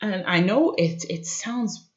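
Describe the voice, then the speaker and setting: A young woman vlogger telling a personal story in an earnest, reflective way, often pausing to search for words. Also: medium pitch, lively intonation. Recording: dull lo-fi sound.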